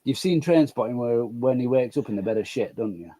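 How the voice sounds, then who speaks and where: A man's voice: mid-range voice, lively intonation, a little fast, warm tone. A man, a guest on a casual live chat, rambling, apologetic and sweary. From Manchester area. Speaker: guest caller.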